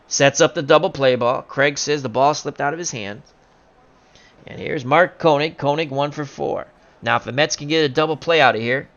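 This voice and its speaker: Bright-voiced man calling baseball play-by-play. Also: fairly high pitch, dull audio. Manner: jokey, bursts into loud excitement on big plays. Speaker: play-by-play commentator of a simulated baseball game. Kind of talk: excited play-by-play commentary.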